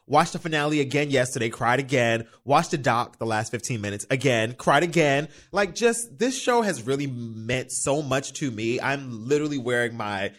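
A young man hosting a solo podcast, talking in a loose, animated way. His voice climbs and dips a great deal as he chats, and he swears freely. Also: mid-range voice, moderate pace, hardly any pauses. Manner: animated, chatty, swears freely, quotes himself in little voices. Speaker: podcast host. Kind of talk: casual solo podcast chat.

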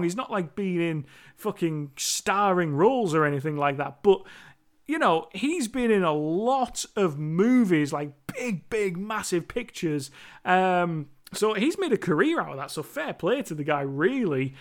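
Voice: mid-range voice, animated, a little slow. Rambling chatty movie reviewer. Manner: rambling, chatty, swears casually. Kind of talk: casual movie review monologue.

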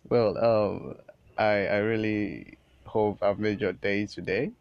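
A man's voice: fairly low pitch, fairly even intonation, slow, vocal fry, no room sound, muffled recording. A man hosting a comedy podcast, rambling casually and repeating his words as he goes. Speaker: podcast host.

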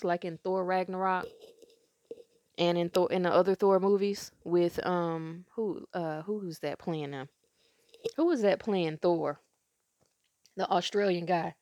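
A woman's voice: mid-range voice, steady tone, unhurried, a little mellow, no room sound, studio quality. A congested woman, telling a spiritual story in a loose, rambling, conversational way as a podcast host.

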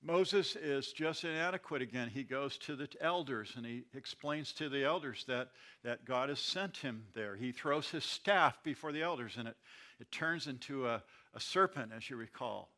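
A pastor walks his congregation through a Bible passage in a bright, forward voice. He often repeats a word or restarts a phrase as he explains. The delivery is conversational teaching. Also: mid-range voice, normal speed. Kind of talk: Bible study sermon.

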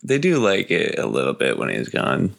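Male co-host, low and bright-toned, playful riffing. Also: huge pitch swings, normal speed, vocal fry. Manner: giggly, jumps in with silly additions. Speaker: podcast co-host. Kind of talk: casual comedic riffing.

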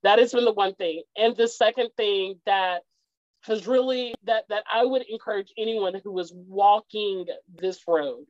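A woman's voice: medium pitch, measured pace, darkish tone, no room sound. A woman speaking as a guest in a heartfelt conversational interview, earnest and repeating her key phrases for emphasis. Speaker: guest, parent. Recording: dull lo-fi dry sound.

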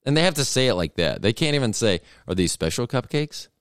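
Speaking fairly quickly and very animatedly, a middle-aged podcast host tells a comedic story that wanders and interrupts itself. His mid-range voice is clear and resonant, and the studio recording is clean with no echo.

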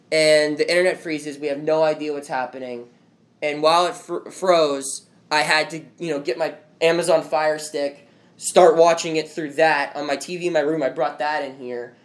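Rambling young man, slightly high voice. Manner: rambling, heavy use of "like". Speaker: show recapper. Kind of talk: casual chat. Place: at home with friends and family.

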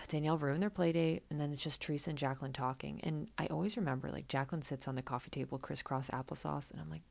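Chatty sarcastic woman with a gravelly low voice. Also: steady tone, quick pace. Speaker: podcast host recapping a reality show. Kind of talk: casual chat.

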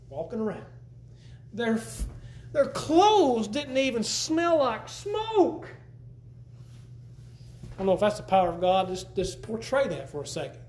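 A man's voice: high-pitched, a little mellow. A man preaching a sermon in a church, folksy and emphatic, often repeating words as he teaches. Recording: roomy church echo.

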